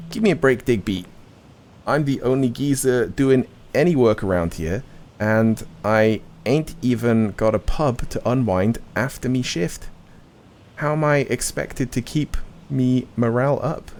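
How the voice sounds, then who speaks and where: A man's voice: mid-range voice, a little mellow, pitched above the performer's own voice, close to an everyday voice. A man voicing a work-shy male miner with a Cockney accent who grumbles in London slang. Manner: whiny, full of London slang.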